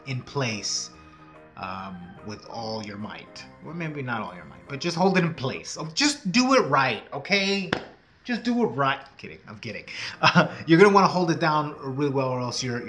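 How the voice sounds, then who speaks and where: On the craft channel he hosts, a man talks through how to fold in a loose, rambling tutorial, cracking jokes at his own expense. He speaks in a mid-range voice with a fairly bright tone.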